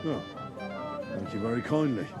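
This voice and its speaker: An actor playing a polite young man in a video game, calm and dryly courteous. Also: mid-range voice, normal speed, over loud music, close to an everyday voice.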